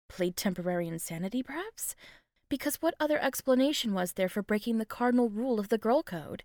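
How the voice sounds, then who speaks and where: Expressive woman narrating a novel. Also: on the high side, no room sound, clean studio sound. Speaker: audiobook narrator. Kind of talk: scripted narration.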